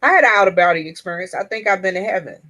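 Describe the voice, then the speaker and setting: A woman in a casual group chat telling a personal story in an earnest, open way, pausing and restarting as she goes. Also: medium pitch, animated, sharp tone, poor audio. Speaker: chat room participant.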